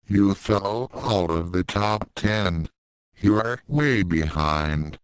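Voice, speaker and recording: Bossy, scolding teenage girl, voiced by a male storyteller, smooth, unhurried. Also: sits low, dry recording, low-quality recording. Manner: scolding, exasperated.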